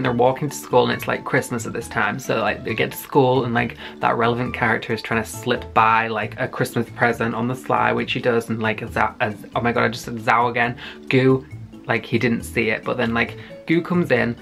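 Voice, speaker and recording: A young man recapping a web series in a loose, rambling way, full of fillers and swearing. His voice has a gravelly edge at a middle pitch, with a faint musical bed behind him. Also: steady tone, moderate pace, a bit bright, faint music behind. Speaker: YouTube reviewer.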